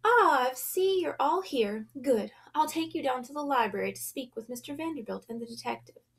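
Gracious rich lady of the house, formal and soothing, slightly high creaky voice, woman reading her in a storybook. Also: lively intonation, moderate pace.

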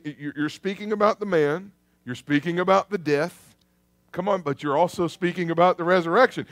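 A man preaching a sermon in a church, lively and conversational, calling out to the congregation. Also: sits high, dry recording. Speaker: pastor. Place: church sanctuary.

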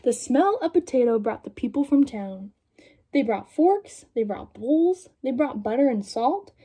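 Reading a picture book to children, a young woman brings the story to life and stops to ask her little audience questions. Her voice is high and slightly rough, and she takes her time.

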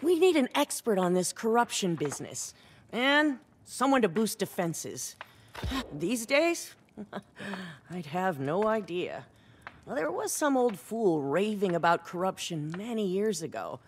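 A woman's voice: medium pitch, a little slow, a little hiss or hum. A fretful, unlucky townswoman. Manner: self-deprecating, lively storytelling. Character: unlucky, fretful female townsfolk quest-giver. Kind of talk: video game character dialogue.

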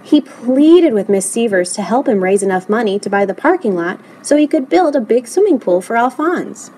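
A woman reading a children's picture book aloud in an expressive, animated way. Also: mid-range voice, fairly quick, breathy edge, rough recording. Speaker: storybook reader.

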